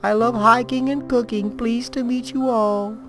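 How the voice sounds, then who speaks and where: A man voicing a friendly middle-aged woman from Montreal in a chirpy falsetto. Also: steady tone, unhurried, music in the background.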